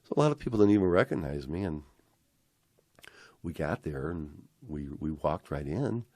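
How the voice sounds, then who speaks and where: An older man from the American Midwest, a interview guest telling a personal story with halting restarts and acted-out voices. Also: rumbling low, animated, a little mellow, no room sound.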